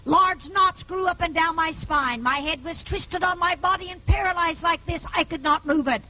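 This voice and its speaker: A woman evangelist with a very high, bright, cutting voice tells her healing testimony to an audience. Her preaching is emphatic and often swells into shouting. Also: moderate pace, low-quality recording.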